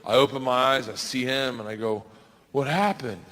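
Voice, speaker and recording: A man in his forties telling a stand-up story, animated and yelling his punchlines, on a stage mic. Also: medium pitch, a little fast. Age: 40s. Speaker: stand-up comedian. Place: large comedy venue. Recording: live stage mic with hall reverb and faint ambience.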